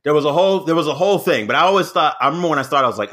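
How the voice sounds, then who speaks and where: A man's voice: fairly high pitch, very fast, few pauses, breathy edge. A man in his thirties, a stand-up comic guest on a podcast, telling stories in casual chat with many fillers and restarts. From American South. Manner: animated storytelling, frequent fillers and restarts.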